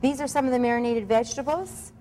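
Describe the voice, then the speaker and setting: A woman's voice: on the high side, fast, warm tone, a little hiss or hum, low-quality recording. A woman co-hosting a cooking demonstration, chatty, enthusiastic and playfully teasing. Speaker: co-host. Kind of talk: cooking demo chat.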